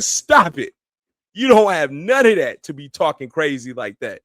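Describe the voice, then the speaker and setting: A high-pitched man hosts a live stream and rants bluntly, with heat and plenty of swearing. His voice sits close on the mic in a dry, dead-sounding room. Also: very animated, unhurried, a bit bright, no echo. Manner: blunt, heated, profane ranting. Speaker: streamer host. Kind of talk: casual live-stream commentary.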